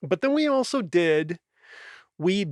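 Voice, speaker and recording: Higher-voiced man reminiscing casually. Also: big pitch swings, takes it slowly, no room sound, studio quality. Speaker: guest musician.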